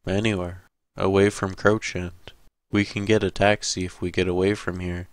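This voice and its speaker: A frightened, determined wife pleading to leave , as a male narrator puts her on. The deep, smooth reading voice lifts a little for her, recorded dry and close. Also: flat delivery, normal speed, no echo. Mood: urgent.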